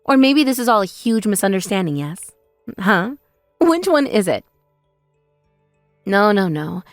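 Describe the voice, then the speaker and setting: A woman plays a wronged older sister in a text-message story drama, calm and quietly sarcastic. Her voice sits at a middle pitch and stays measured. The recording is dry with soft music underneath. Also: no echo.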